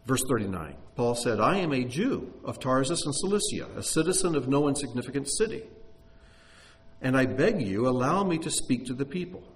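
Male preacher, mid-pitched and lively; reads verses with expression, then drops into easy conversational explanation. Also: normal speed. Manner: expressive reading, breaks off into plain-spoken commentary. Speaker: Bible teacher. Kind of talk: sermon reading and explaining scripture.

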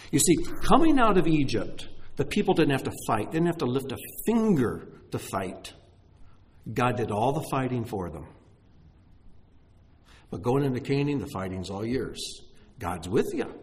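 A middle-aged male pastor delivers a sermon with emphatic energy. His pitch climbs and drops freely as he speaks right to his congregation, pressing and encouraging them. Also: a little hiss or hum. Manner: animated, emphatic preaching with direct address to listeners.

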